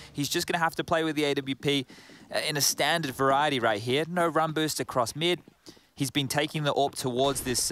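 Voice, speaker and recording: A man commenting on a live esports match, excitable, often checking in with his co-caster with "right?". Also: a little high.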